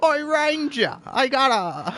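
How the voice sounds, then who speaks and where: A man's voice: sing-song, takes it slowly, fairly bright tone, exaggerated voice. A man putting on a squawky mock-Cockney crow. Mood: cheeky. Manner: cheeky, rumor-peddling, high and squawky. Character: gossiping male crow with a rough street voice.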